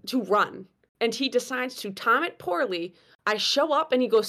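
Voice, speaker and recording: A young woman telling a story in casual chat, animated and laughing, with plenty of fillers. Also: on the high side, moderate pace. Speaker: guest storyteller.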